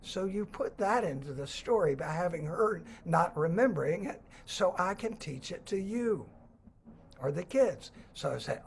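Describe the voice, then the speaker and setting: A man telling a children's story and explaining it, animated and acting out the voices. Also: fairly high pitch, normal speed, vocal fry, music in the background. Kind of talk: storytelling talk.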